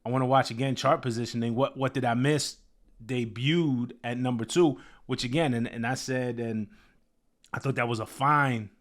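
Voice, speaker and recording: A man's voice: medium pitch, steady tone, normal speed. A man hosting his own show, giving casual commentary on a new music release, talking loosely with many fillers and restarts. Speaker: host.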